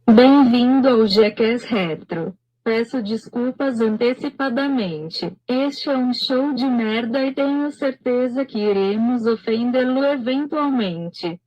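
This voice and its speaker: A woman's voice giving a slow, deliberate announcement as a show's intro voice-over. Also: a little high. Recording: dull, lo-fi playback.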